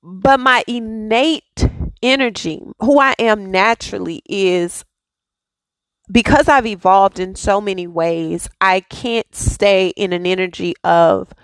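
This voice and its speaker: A woman's voice: medium pitch, slow, smooth, no echo. A woman hosting a daily devotional, speaking with fervent, repetitive affirmations and casual asides to her listeners. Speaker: devotional host.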